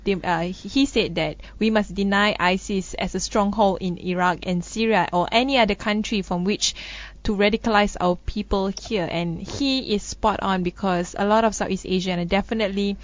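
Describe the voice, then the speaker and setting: Her voice sits mid-range and stays steady, moving at normal speed with few pauses as she chats about the news. A Malaysian co-host, she laughs a lot, leans sarcastic, and restarts sentences while thinking aloud, all in a dull, dry studio.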